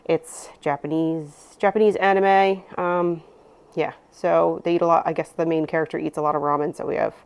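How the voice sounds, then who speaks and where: A woman's voice: deep voice, steady tone, normal speed. A woman in her thirties, a mother casually narrating a grocery haul with lots of "um"s and rambling asides. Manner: chatty, rambling with many "um"s. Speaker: vlogger, mother.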